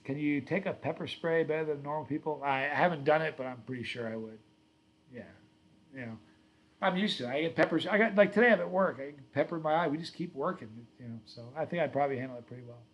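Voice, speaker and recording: Rambling middle-aged man, slightly high voice. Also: quick pace, dull audio. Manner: rambling, reads viewer comments aloud; storytelling, self-correcting. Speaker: livestream host. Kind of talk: casual livestream chat.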